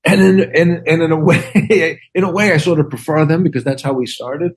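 A man with a husky, slightly breathy voice tells comic stories as a podcast guest. He is animated and acts out the people he quotes, with loose, conversational timing. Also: a little high, fairly quick. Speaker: comedian guest. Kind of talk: anecdotal storytelling in a chat.

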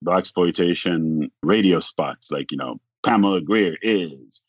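A man talking as a podcast guest, telling a long story in a rambling way, acting out the other people's lines and filling pauses with "like". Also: deep voice, husky, no room sound, lo-fi sound. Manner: rambling, acts out quoted dialogue, frequent "like". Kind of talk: casual storytelling.

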